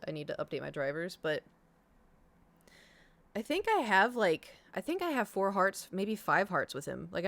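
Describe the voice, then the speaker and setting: A woman streamer chatting casually, rambling quickly with lots of fillers. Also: lowish voice, dry recording. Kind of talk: casual chat.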